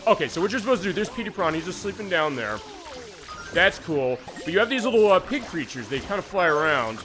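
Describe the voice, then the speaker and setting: A man's voice: high-pitched, sing-song, quick pace, music in the background. A man hosting a game stream, chatting casually and rambling with many fillers while he plays. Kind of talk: casual let's-play commentary.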